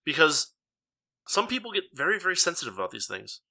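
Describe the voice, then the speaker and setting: A man's voice: on the high side, big pitch swings, a little fast, gravelly, bright, forceful tone. A man co-hosting a podcast in casual chat, who stammers over repeated words before landing a dry remark. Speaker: podcast co-host.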